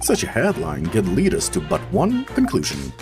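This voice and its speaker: A man with a Russian accent reading the lines of a pompous, eccentric male detective in a theatrical, drawn-out way, with game music behind. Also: fairly low pitch, huge pitch swings, pitched below the performer's own voice. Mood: grandiose.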